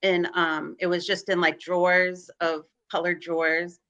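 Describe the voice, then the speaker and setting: A woman with a Chicago accent chats as a stream guest, her voice bright and forward and sitting a little low for a woman. She rambles, piling up "um"s and restarts as she tells her stories. She comes through on a video call. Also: flat delivery, measured pace, dull audio. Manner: rambling, filler-heavy storytelling. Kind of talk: casual chat on a live stream.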